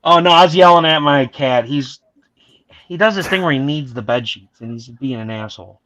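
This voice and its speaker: A man's voice: fairly high pitch, normal speed, fairly bright tone, no echo, low-quality recording. A man hosting a casual podcast, rambling and laughing often while reading a comic aloud and swearing freely. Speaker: podcast host.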